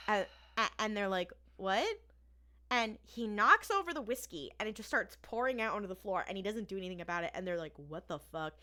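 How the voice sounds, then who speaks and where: A woman's voice: mid-range voice, a little fast. A woman co-hosting a podcast, chatting casually as she retells an episode and acts out the lines. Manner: animated retelling with quoted lines. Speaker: podcast co-host. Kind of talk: casual recap chat.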